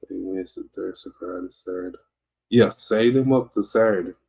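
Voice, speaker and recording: Southern mississippi guy hosting a chill podcast, low husky voice, rambles and teases, kinda dull lo-fi sound. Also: a little fast, dark tone. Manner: rambling and teasing, many fillers and restarts. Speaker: podcast host. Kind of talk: casual livestream chat reading comments.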